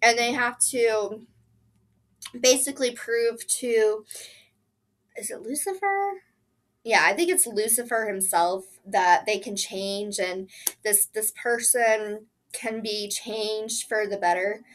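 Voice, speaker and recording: A woman's voice: fairly high pitch, lively intonation, slow pace, fairly bright tone. A woman chatting casually about her reading, sick and interrupting herself with coughs and sneezes. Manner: chatty, apologetic, with fillers. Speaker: book vlogger. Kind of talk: casual chat.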